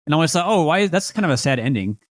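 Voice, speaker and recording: A man co-hosting a podcast in casual chat, hesitant and quick to correct himself. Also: fairly high pitch, very animated, dry recording, clean studio sound. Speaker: podcast co-host.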